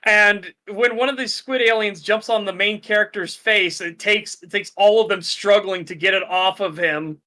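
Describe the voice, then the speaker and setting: A man hosting a casual podcast chat, retelling things in an excited, profane way. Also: high voice, moderate pace, hardly any pauses. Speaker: streamer host.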